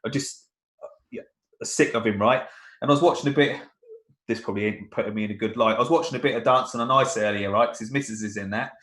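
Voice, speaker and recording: A man's voice: lowish voice, fast talker, fairly bright tone, roomy sound. A man in his thirties, co-hosting a podcast and telling grumbling, chatty stories about his family. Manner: chatty storyteller, grumbling, mimics voices. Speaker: podcast co-host. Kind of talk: casual banter.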